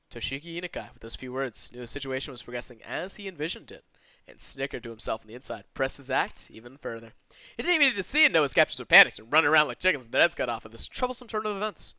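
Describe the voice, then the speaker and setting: On a live stream from his own room, a bright-voiced man with a slight Southern twang reads through a visual novel. His delivery is fast, animated and pitch-bouncing, full of quick asides to chat, all captured in a dry, close recording.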